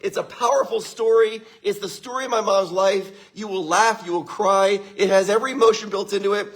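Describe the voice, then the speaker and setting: A man speaks as host of an upbeat motivational talk, calling his listeners "guys" with eager energy. His voice sits high and husky, hoarse as if he has only half got it back. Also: steady tone, brisk. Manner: enthusiastic, addresses listeners as guys. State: hoarse, voice partly lost.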